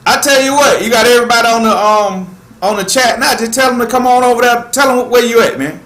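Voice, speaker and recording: A man with a high voice hosts a live stream in a loose, slangy way and keeps tossing in "man." He sounds like he is in a roomy, echoey space. He reads the chat as he talks. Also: quick pace, a bit bright. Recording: echoey room.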